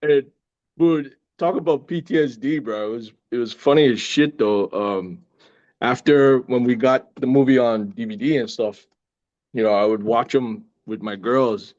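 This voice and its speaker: A man's voice: medium pitch, normal speed, lo-fi sound. A middle-aged man, an actor chatting casually as a guest and telling stories with lots of laughter. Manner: laughing, animated storyteller. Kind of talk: casual chat.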